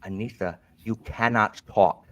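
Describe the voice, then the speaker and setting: A man's voice: fairly low pitch, steady tone, measured pace, fairly bright tone. A man hosting a bookish quiz game, playful and jokey, reading each clue twice. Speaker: quiz host. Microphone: desk microphone.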